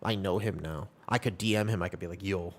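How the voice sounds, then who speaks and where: A man's voice: low voice, quick pace. A young man streaming a game, chatting casually with his viewers in a rambling, upbeat and reassuring way. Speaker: live streamer. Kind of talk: casual live-stream chat.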